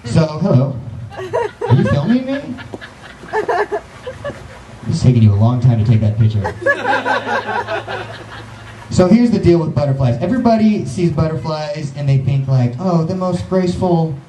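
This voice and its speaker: Male comic, high voice, rambling self-mockery, recorded in a roomy space from afar. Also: very animated, normal speed, long pauses, heavy background noise. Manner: self-mocking, rambling asides. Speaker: stand-up comedian. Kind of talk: live stand-up comedy. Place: small live venue. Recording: echoey room, mic far off.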